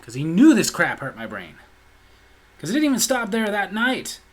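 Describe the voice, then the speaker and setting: A man's voice: high voice, huge pitch swings, normal speed, soft background music. An American man telling a comedic story from his life in a sardonic, exasperated way. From United States.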